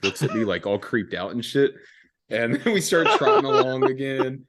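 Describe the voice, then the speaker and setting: This podcast host is a young man whose mid-range voice swings hugely in pitch at a moderate pace. He tells his story loosely, swearing and using slang, relaxed and quick to laugh, with "dude" and "man" sprinkled throughout.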